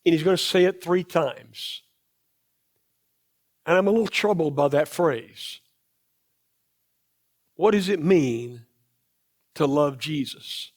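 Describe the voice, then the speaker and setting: A man preaching from the pulpit in a church sanctuary. His voice sits fairly high for a man, and he takes his time, leaning on each phrase and repeating the important ones. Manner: slow, emphatic, repeats key phrases. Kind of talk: sermon.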